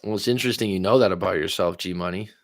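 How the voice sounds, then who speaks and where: Male livestream coach, low voice, dry close sound, casual and quick, stumbles now and then. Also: dry recording. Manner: conversational, reads chat aloud and answers with pointed questions; admits talking fast after coffee, some stutters. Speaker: life coach and livestream host. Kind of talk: casual livestream reading viewer comments.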